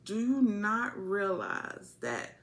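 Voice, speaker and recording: A woman's voice: mid-range voice, big pitch swings, slow. A woman voicing a stern older male royal adviser who scolds a young king. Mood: scolding. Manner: scolding, lecturing.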